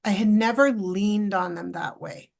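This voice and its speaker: Middle-aged canadian woman on a podcast, kinda gravelly voice, tells stories all animated, does the voices of people. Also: mid-range voice, measured pace. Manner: animated, acts out quoted dialogue, emotional retelling. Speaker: podcast guest. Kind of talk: storytelling in a casual interview.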